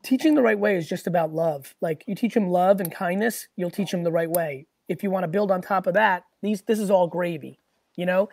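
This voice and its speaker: A man hosting a live call-in Q&A show, answering callers in a blunt, profane, emphatic way that often rises to shouting. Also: high-pitched, brisk, vocal fry, no echo. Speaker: host answering callers' questions.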